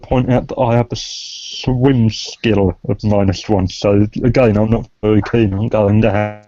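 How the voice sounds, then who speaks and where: Slow, mellow-voiced male player, cautious and hesitant, dry lo-fi call audio. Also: lowish voice, fairly even intonation. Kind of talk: casual tabletop play.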